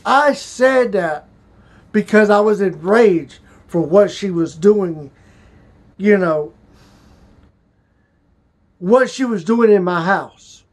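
A man talking to camera in a personal confessional vlog, halting and emotional, often restarting his sentences. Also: high voice, expressive. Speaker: vlogger.

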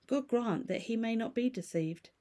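A woman voicing a measured, reasoning lawyer. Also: on the high side, warm tone, pitched above the performer's own voice, natural voice. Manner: measured, explanatory, formal. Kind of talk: storybook reading.

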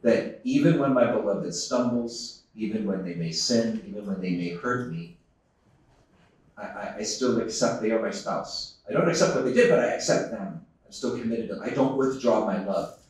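A lowish, darkish voice with lively intonation carries his earnest story at a moderate pace. Speaking to a live audience in a large, echoey conference hall through a distant microphone, the speaker laughs frequently and keeps restarting sentences.

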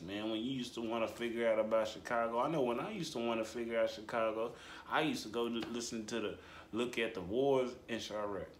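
A man giving casual reaction commentary, drawling and repeating himself, his voice jumping high for emphasis. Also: reverberant, slight background noise. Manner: animated, drawling, repetitive, voice jumps high for emphasis. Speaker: commentary host.

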